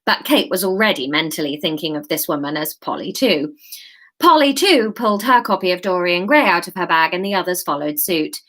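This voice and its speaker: A woman's voice: on the low side, animated, a little fast, bright, forceful tone. A woman reading her own novel aloud on a live stream, chatty and self-mocking between passages.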